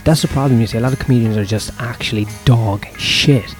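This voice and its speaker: Speaking fairly quickly at a medium pitch, a young man who does stand-up rambles casually about his gigs in a vlog monologue. He swears, pokes fun at himself, and has faint music playing in the background.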